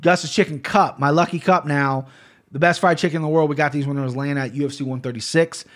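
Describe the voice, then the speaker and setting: A man's voice: a little high, steady tone, fast talker. A man from Ohio hosting a betting podcast, talking casually, rambling, swearing and often correcting himself. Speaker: podcast host picking fight bets.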